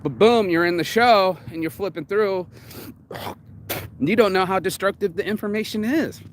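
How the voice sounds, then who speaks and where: A man with a fairly high voice talks straight to the camera in a blunt, profane motivational vlog. He keeps slipping into quick acted quotes. Faint outdoor ambience and passing traffic sit under his voice. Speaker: motivational vlogger. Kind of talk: casual motivational talk.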